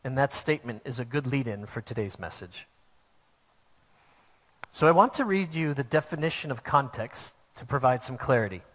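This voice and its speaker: A man's voice: mid-range voice, expressive, moderate pace, a bit bright. A man preaching a sermon to a church, telling a personal story in an earnest, plain way. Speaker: pastor. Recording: long hall reverb.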